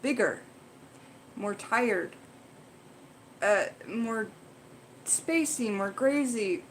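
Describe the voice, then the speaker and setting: A woman's voice: fairly high pitch, expressive, drawn-out words, long pauses, slight background noise, low-quality recording. A young adult woman hosting a casual livestream, chatting frankly in a rambling way and swearing now and then. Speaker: livestream host.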